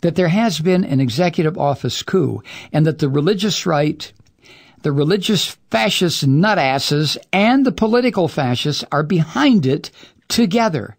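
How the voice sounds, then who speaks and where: A man's voice: on the high side, expressive, moderate pace, gravelly. A man hosting a political talk show, delivering an angry, profane and sarcastic monologue, drawing out words for emphasis. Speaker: political talk radio host.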